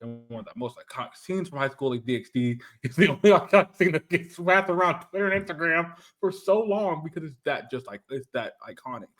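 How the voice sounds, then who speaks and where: A man's voice: a little high, expressive, a little fast, hardly any pauses, fairly bright tone, faint music behind. A man co-hosting a casual anime podcast, talking emphatically and repeating himself as he argues his points. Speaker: podcast co-host.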